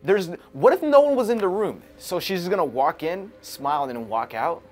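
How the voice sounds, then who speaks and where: A man talking casually to camera, reviewing a film in an animated, chatty way with frequent chuckles. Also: high voice, moderate pace. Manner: animated, chuckling between remarks, conversational. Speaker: movie reviewer. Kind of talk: casual movie review commentary.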